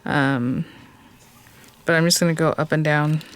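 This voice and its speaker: A woman's voice: low voice, fairly even intonation, unhurried, no room sound. A woman hosting a crafting tutorial, talking casually as she works. She thinks aloud step by step in an easy, chatty way and gushes over the cute little details. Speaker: crafting channel host.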